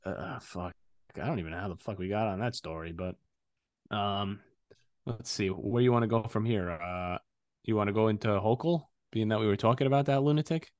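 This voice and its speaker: A man co-hosting a podcast, telling a story in casual, profane, animated chat. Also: fairly low pitch, a little fast, no echo, studio quality. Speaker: podcast co-host. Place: podcast studio.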